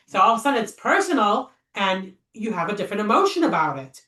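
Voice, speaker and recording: A woman's voice: medium pitch, big pitch swings, quick pace, hardly any pauses, bright, forceful tone. A woman leading an informal text study class, chatty and thinking aloud with many fillers and rhetorical questions. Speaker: Torah study teacher. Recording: echoey room, voice a bit far from the mic.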